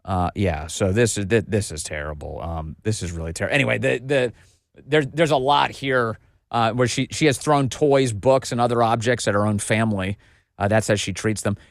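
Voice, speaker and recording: A man's voice: lowish voice, normal speed, creaky, dry recording, studio quality. A man hosting a casual political commentary show, reading documents aloud with a mocking, incredulous tone.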